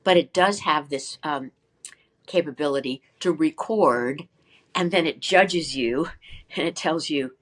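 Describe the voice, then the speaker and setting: An older woman, a flute teacher and interview guest, speaks in a low-pitched voice at a slightly slow pace. Lively as she explains how to practice, she asks many rhetorical questions and demonstrates by singing short syllables.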